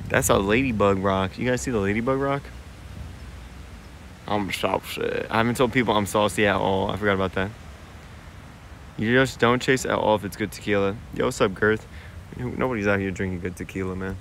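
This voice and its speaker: A young American man with a lowish voice, chatting casually to his stream as he walks outdoors. His talk is slangy and laid-back, and he laughs often. Faint outdoor ambience sits behind his phone-recorded voice. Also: fairly bright tone, a little hiss or hum. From United States. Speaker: livestreamer. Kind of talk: casual live-stream chat. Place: outdoors in a park-like cemetery.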